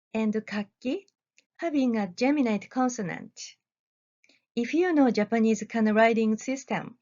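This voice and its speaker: A woman researcher giving a recorded academic presentation, reading deliberately with careful pauses. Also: a little high, darkish tone, highs cut off.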